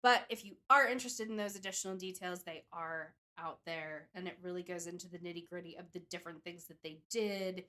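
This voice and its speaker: Bright-voiced young woman telling a story. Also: fairly low pitch, a little fast, few pauses. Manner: chatty storytelling, many "like" and "um". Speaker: podcast co-host telling the case. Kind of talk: casual chat.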